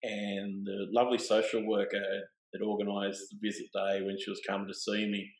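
A middle-aged man, telling a personal story in a relaxed, plain-spoken way. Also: lowish voice, brisk. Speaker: guest. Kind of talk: casual storytelling. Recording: roomy echo.

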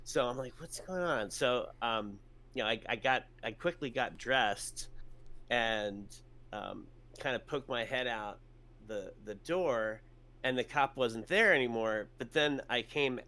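A man's voice: mid-range voice, measured pace, sharp tone. A man telling a story in casual chat, rambling with many fillers and restarts and casual swearing.

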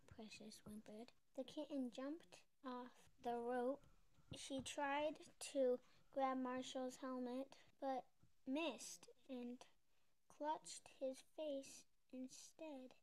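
Slow, high-voiced woman reading a story. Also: steady tone. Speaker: storybook reader. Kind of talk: reading a children's picture book aloud.

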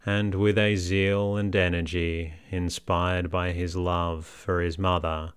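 Deep, slow, steady male narrator. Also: clean tone, dry recording, studio quality. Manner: measured, steady. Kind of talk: audiobook narration.

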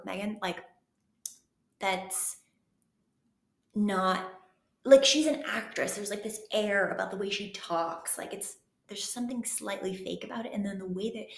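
A chatty woman co-hosting a podcast, giggling often and piling on "like" fillers. Her voice sits at a middle pitch. The sound carries the reverb of an echoey public room. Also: measured pace, vocal fry. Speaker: podcast co-host. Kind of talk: casual chat. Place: public venue.

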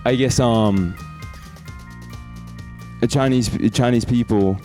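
A man's voice: medium pitch, slow, mellow, faint music behind. A young man answering questions in class, hesitant and filling gaps with um and uh. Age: young adult. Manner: hesitant, many fillers. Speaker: student volunteer.

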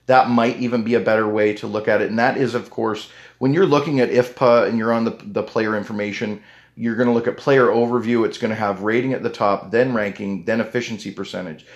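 A man's voice: lowish voice, steady tone, a little fast, dull audio. A man hosting a solo podcast in a casual, rambling way, with lots of fillers and restarts. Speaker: podcast host.

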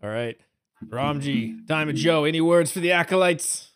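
A male host winding up an online game stream in a relaxed, steady way. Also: a little high, moderate pace, slight background noise. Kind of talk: wrapping up a stream.

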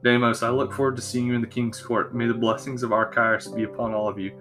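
A man's voice: medium pitch, level tone, fast, music in the background, natural voice. A man voicing a solemn, wise male dragon elder who speaks in formal, ceremonial tones.

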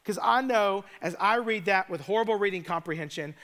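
A man's voice: sits high, fairly quick, a bit bright. A man preaching a sermon, retelling scripture in a casual, joking way with conversational asides. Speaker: pastor.

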